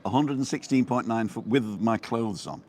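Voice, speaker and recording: A man's voice: medium pitch, lively intonation, moderate pace, a little mellow, slight background noise. An older man co-hosting a live stream, joking and teasing in casual chat at an outdoor cafe. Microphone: phone on a live stream.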